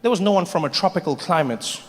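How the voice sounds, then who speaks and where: A man from Africa doing stand-up comedy, animated and mocking as he builds to each punchline. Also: high voice, fast talker, a little hiss or hum. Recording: live hall with audience.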